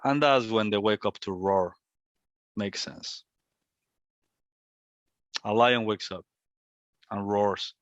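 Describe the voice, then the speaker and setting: A man's voice: lowish voice, slow, long pauses, fairly bright tone, dry recording. A man giving a reflective satsang talk as a spiritual teacher, repeating and circling back on his phrases. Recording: dull, lo-fi, dry.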